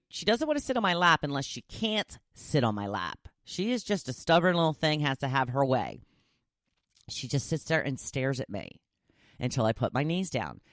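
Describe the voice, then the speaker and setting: A woman with an extremely low-pitched voice hosts a solo podcast, chatting casually and animatedly and laughing often. The recording is studio quality with no room sound.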